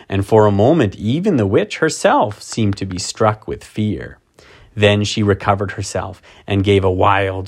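A man narrating a children's fantasy audiobook in an expressive, dramatic way, leaning on vivid emphasis. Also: on the low side.

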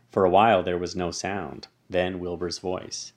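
A man reads a children's story aloud as narrator. He speaks in a steady storytelling manner, his voice low with a gravelly texture. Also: a little slow, few pauses. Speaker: audiobook narrator. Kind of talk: storybook reading.

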